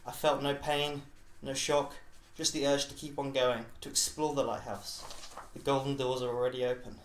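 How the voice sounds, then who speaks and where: A man of middle pitch reads his own story at a measured, even storybook pace. The sound is roomy and echoey. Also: slight background noise. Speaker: podcast co-host reading his own story. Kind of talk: scripted narration read aloud. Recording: echoey room mic.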